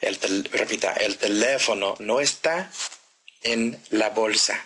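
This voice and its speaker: Male language teacher, lowish voice, slow and deliberate drills, faint background hiss. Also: pushed and bright, low-quality recording. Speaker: Spanish teacher. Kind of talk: grammar lesson.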